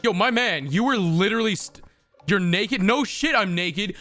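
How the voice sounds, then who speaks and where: A man streaming a video game, talking to his chat in casual commentary and breaking into profane, animated rants. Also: high voice, moderate pace, no room sound, soft background music.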